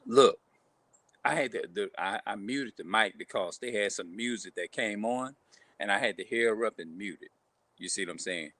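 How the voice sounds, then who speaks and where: A man ranting casually to camera, talking rough, profane and repetitive, sounding frustrated. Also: fairly low pitch, moderate pace, pushed and bright, no echo. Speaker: vlogger.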